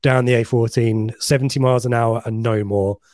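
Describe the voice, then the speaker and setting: A man's voice: mid-range voice, fairly even intonation, brisk, darkish tone, dry recording. A man co-hosting a podcast in an easy, casual way, greeting listeners and passing along their messages. His voice sits in an ordinary middle register. The sound is dry and close, with no room around it. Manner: chatty, reads out listener messages. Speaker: podcast co-host. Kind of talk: casual live podcast chat.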